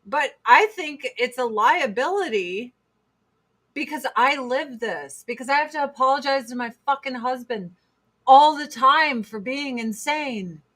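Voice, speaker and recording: Blunt, high-voiced ranting woman. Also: a little slow. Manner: blunt, profane, animated rants with mocking put-on quotes. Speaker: livestream host. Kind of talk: casual livestream chat.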